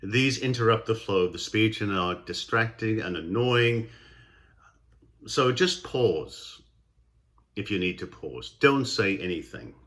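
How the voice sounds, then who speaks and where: Lower-voiced man giving a lecture. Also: expressive, a little slow, a bit bright. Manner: explanatory, with fillers and self-corrections. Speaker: instructor. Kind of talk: recorded lecture.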